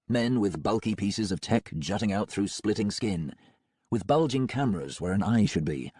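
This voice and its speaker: A man narrating a first-person audiobook in a grim, measured way. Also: low-pitched, a little mellow, slightly rough, dry recording, studio quality.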